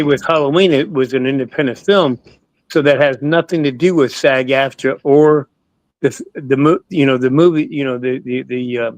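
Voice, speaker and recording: A man's voice: mid-range voice, dry recording, poor audio. Older man telling rambling stories. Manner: rambling, repeats words, swears freely. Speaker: guest actor. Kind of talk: casual storytelling interview.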